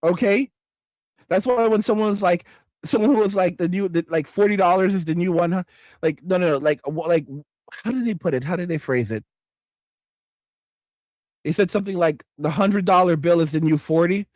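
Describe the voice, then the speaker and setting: Profane high-voiced New streamer. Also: male voice, normal speed, long pauses, a little mellow, no echo. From New York. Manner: profane, rambling, emphatic repetition. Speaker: livestream host. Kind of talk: casual livestream chat reading comments.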